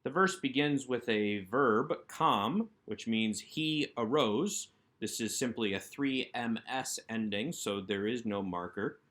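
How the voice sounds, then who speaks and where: A man's voice: medium pitch, slow pace, few pauses, a bit bright. A man teaching Hebrew grammar in a recorded workbook lesson, patiently and methodically explaining each word.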